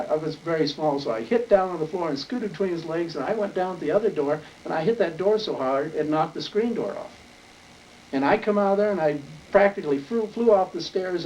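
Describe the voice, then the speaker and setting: A man's voice: a little high, darkish tone. An older man from Wyoming telling a rambling, folksy story in an oral history interview. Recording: distant mic with faint noise.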